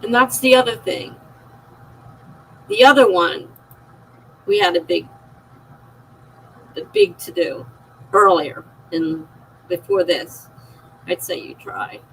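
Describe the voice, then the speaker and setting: A woman's voice: mid-range voice, very animated, slow, vocal fry, long pauses, a little hiss or hum, rough recording. A middle-aged woman streaming a personal, emotional monologue, confiding and circling back on herself as she talks. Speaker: live streamer.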